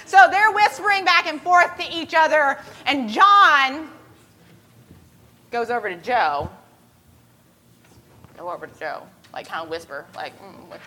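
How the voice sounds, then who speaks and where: A woman's voice: high voice, animated, a little slow, pauses often, bright, forceful tone. A woman preacher leading a skit with volunteers, talking in a chatty, self-deprecating storytelling way. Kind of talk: casual storytelling sermon.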